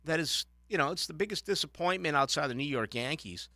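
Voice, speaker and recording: Restarting his thoughts again and again, a man hosts a sports talk show with lively, opinionated takes. His voice sits a little high, and the sound carries no echo.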